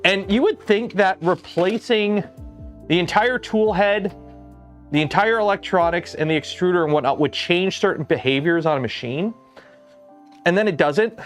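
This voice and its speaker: A man's voice: high voice, moderate pace, soft background music. A man with a Canadian accent hosting a livestream in a chatty, jokey, rambling way. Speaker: streamer host. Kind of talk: casual livestream chat.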